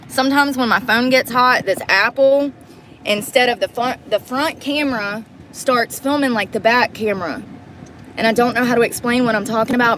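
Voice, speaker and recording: A woman's voice: fairly high pitch, a bit bright, slight background noise, poor audio. Blunt rambling woman vlogging from her car. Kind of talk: casual rambling vlog. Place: parked car. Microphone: phone mic.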